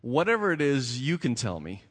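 A man voicing a wise, patient old rabbi who gives calm, measured advice. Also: medium pitch, breathy edge. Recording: long reverb of a large hall.

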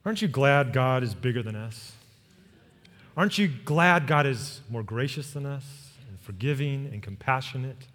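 A man's voice: medium pitch, expressive, moderate pace. Middle-aged pastor guy preaching, tells stories, voice rings out in a big echoey church hall. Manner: storytelling with quoted voices, closing in soft prayer. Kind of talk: sermon. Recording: long hall reverb.

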